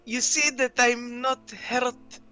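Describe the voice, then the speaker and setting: A man's voice: very high voice, steady tone, slow pace, bright, forceful tone, faint music behind. A chatty man talking in character as a player at a tabletop game, often stumbling over his words.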